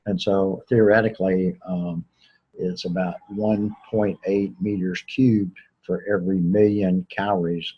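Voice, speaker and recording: A man giving a recorded engineering lecture in a relaxed, conversational way, with many fillers and restarts. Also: low voice, husky, muffled recording.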